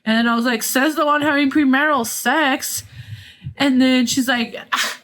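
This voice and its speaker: A woman with a Mexican-American accent, mixing in Spanish phrases, hosts a podcast full of gossipy stories and casual chat. Her voice is high-pitched, animated, fairly quick and fairly bright, and she's candid, blunt, sarcastic and heavily profane.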